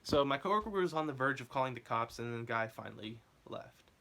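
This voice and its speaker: A young man tells a story straight to his audience in a casual, rambling way. He piles up filler words and laughs between his sentences. His pitch sits in an average middle range. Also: animated, fast, vocal fry, pushed and bright, slight background noise. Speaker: vlogger.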